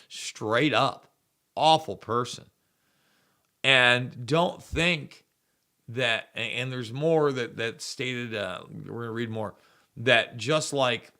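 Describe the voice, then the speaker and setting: A man's voice: medium pitch, pushed and bright. A man hosting a political commentary show, rambling and sarcastic, often stumbling and repeating words. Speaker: host.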